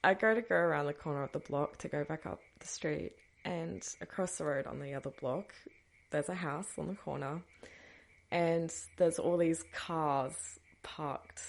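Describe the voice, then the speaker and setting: Chatty woman telling a story, slightly low voice. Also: a little slow, gravelly. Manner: chatty, breaks into frequent nervous laughs; dismissive asides, trailing off. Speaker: podcast host. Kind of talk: casual personal storytelling.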